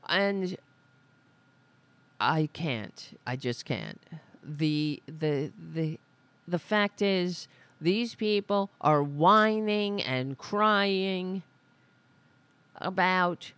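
A woman's voice: on the low side, expressive, extremely slow, fairly bright tone, no room sound. Profane, exasperated woman podcast host. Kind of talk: ranting political commentary. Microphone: studio microphone.

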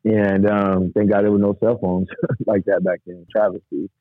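The guest, a man with a fairly low voice and flat delivery, speaks at normal speed while recounting an emotional personal story. He rambles vividly and imitates the voices of those he quotes, captured in a dry, tinny, phone-like recording with no echo.

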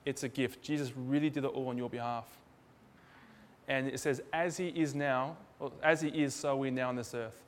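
A man's voice: mid-range voice, fairly even intonation, moderate pace. A man preaching a sermon in a loose, conversational way, acting out little dialogues in different voices. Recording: hall reverb.

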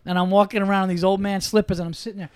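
A man hosting a podcast, telling animated, profanity-laced stories in casual chat. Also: high voice, very fast, clean tone, no room sound. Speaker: podcast host.

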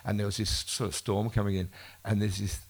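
A man's voice: on the low side, little pitch movement, a little fast. A man telling rambling stories in casual conversation, correcting himself often and laughing as he goes. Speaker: musician being interviewed. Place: bookshop event before a live audience. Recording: live event recording.

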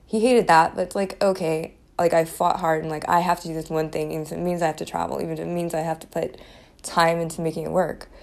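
A woman in her forties chatting alone on her podcast, blunt and profane, laughing between thoughts. Her voice sits a little low and carries a gravelly fry, and a chipped tooth gives her s sounds a slight lisp. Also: level tone, fast. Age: 40s. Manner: candid, profane, laughs often. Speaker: podcast host. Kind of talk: casual solo podcast chat.

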